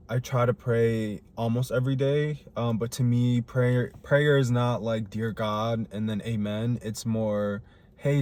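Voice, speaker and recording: A man's voice: medium pitch, a little mellow. A young man rambling through a casual personal monologue to camera, full of fillers and restarts. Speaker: vlogger. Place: living in Chicago.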